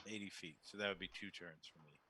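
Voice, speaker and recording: A man's voice: low-pitched, steady tone, fast, bright, forceful tone, no echo. A man playing in a tabletop role-playing game, joking and chatting casually with the group. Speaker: player. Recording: noisy home mic with clicks.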